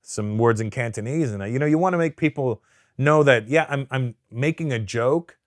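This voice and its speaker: Brief: male comedian guest, blunt and profane, mid-pitched, dry close sound. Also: moderate pace, no echo. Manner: blunt, profane, animated storyteller. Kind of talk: candid interview chat.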